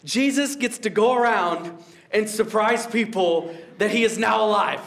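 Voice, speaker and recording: Keeping his sermon light and chatty, a young male preacher jokes around and frequently cracks up at his own lines. His voice is high for a man, gravelly and a bit bright, and he speaks a little slowly.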